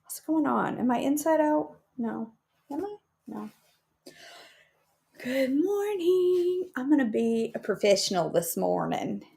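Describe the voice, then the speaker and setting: A woman's voice: a little high, normal speed, gravelly, a little mellow. Chatty woman hosting a cooking stream. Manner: chatty and playful, talks to viewers. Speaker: cooking show host. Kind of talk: casual live cooking chat. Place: home kitchen. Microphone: camera on a counter.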